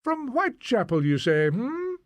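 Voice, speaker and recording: A man's voice: extremely high pitch, huge pitch swings, moderate pace, no echo, studio quality, pitched above the performer's own voice, heavily acted. A man voicing a nosy older Scottish landlady who asks prying, sing-song questions in a Scottish accent.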